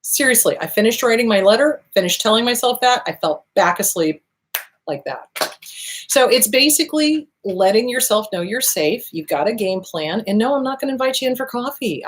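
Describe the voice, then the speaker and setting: A woman therapist hosting a podcast, giving casual advice, swearing freely and acting out quoted voices. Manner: swears freely, acts out quotes with big pitch jumps.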